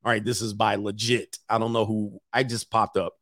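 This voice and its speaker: A man hosting a casual commentary show, reacting to a list with jokes and loud exclamations. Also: fairly low pitch, flat delivery, normal speed, no echo, studio quality.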